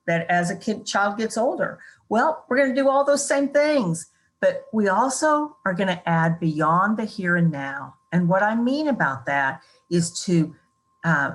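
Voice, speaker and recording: A woman's voice: fairly low pitch, rough recording. A middle-aged woman presenting a recorded parent workshop, explaining teaching strategies with a few fillers. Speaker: workshop presenter, speech therapist. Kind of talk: recorded online workshop talk.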